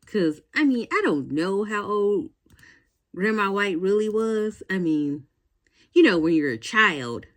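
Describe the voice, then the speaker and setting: A woman in her forties telling a casual, rambling story to her vlog audience, full of fillers and asides. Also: mid-range voice. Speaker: vlogger.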